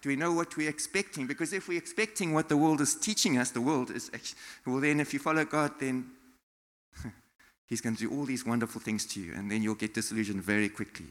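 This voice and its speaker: A man from South Africa preaching a sermon in a church, animated, acting out quotes and laughing often. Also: mid-range voice, a little fast. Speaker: pastor. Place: church hall. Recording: long hall reverb.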